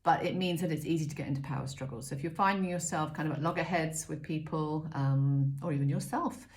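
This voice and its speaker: A middle-aged woman with a low voice talks a little fast as she works through an oracle card reading in a relaxed, chatty way. She moves between gentle guidance and light self-mocking asides, with plenty of ums, in casual spiritual talk.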